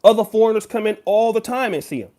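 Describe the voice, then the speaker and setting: A man's voice: high voice, animated, fast talker, dark tone. A man giving emphatic direct-to-camera commentary as a YouTuber, lecturing the viewer. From United States.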